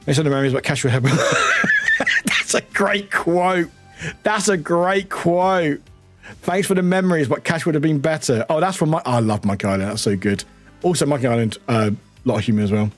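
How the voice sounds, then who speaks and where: This UK streamer has a slightly high voice with a darkish tone. He talks casually to viewers, laughs often, swears, and reads chat messages aloud, with faint background music behind him.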